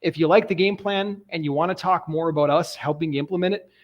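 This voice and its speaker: Male coach, a bit high-pitched, lively storyteller for a live training stream. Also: quick pace, highs cut off. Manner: animated storytelling. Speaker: real estate investing coach. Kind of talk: live online training talk.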